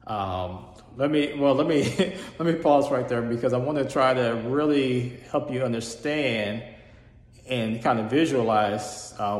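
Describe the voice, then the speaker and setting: Slow, halting man in a roomy hall. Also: mid-range voice. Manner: earnest, halting, many restarts. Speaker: storyteller sharing a personal experience. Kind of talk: casual personal storytelling.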